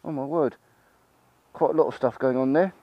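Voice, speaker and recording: A man giving a chatty, excitable ride-along review of a motorbike, swearing freely, talking into a helmet mic outdoors. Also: mid-range voice, moderate pace. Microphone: helmet-mounted mic. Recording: muffled, engine and road noise.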